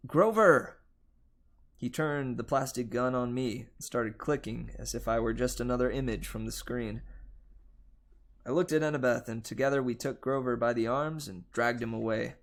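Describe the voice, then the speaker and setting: A man reading a novel aloud on a livestream, telling the first-person story in a steady, unhurried way. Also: medium pitch. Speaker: livestream reader.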